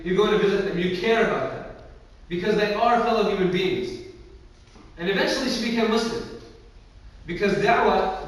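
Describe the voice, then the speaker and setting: Young man with a high voice in an echoey hall. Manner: casual, filler-heavy, acts out quoted voices. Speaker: youth speaker. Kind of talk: religious talk with storytelling. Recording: echoey hall recorded from far off.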